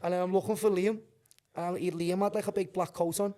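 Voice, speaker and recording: Scouse guy, pretty high voice, swears a lot, rambling animated storytelling. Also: brisk. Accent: Liverpool (Scouse). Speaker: guest, band singer. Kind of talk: casual storytelling.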